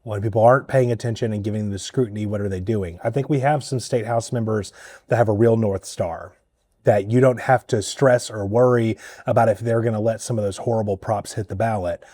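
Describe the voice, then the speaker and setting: A man serving as a state party chair, talking candidly and bluntly in a political interview, with a husky voice. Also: lowish voice, steady tone, fairly quick, mellow, no room sound, clean studio sound. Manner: candid, blunt, mildly profane.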